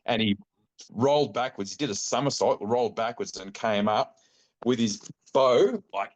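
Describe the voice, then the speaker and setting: A middle-aged man with an Australian accent, a podcast guest telling hunting stories in a laid-back, animated way, slipping into the voices of his mates. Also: mid-range voice, normal speed. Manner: animated yarn-spinning, acts out quotes, laid-back slang. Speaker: podcast guest, bowhunting club chairman. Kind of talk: casual storytelling interview.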